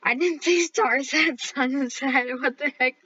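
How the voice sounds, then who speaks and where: A woman's voice: high voice, measured pace, pushed and bright, muffled recording. A female host chatting casually over gameplay, playful and joking, plugging her channel. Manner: playful, joking, self-promoting.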